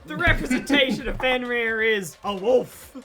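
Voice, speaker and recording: A woman's voice: a little high, expressive, moderate pace, sharp tone. A woman joking and laughing through casual banter while playing a game with friends. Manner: giggly, joking. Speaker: player.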